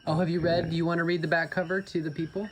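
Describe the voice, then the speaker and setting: A man's voice: a little high, flat delivery, rapid-fire, slight background noise, rough recording. A man hosting a podcast, chatting casually and teasing his guests in a joking way. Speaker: podcast host. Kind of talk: casual chat.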